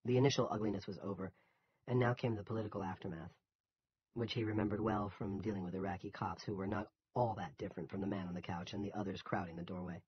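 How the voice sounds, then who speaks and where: A man narrating a novel as an audiobook in a steady storytelling manner. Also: deep voice, fast, husky, lo-fi sound.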